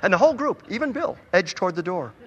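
A man reading his own story aloud at a live event, with a wry, expressive storytelling manner. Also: high voice, fast talker, dull audio, background noise. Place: event hall. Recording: long hall reverb.

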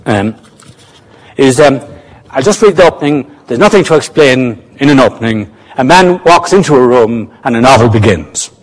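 A man reading from his own novel at a slow, measured pace, trailing off softly. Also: mid-range voice, lively intonation. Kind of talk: literary reading. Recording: reverberant hall.

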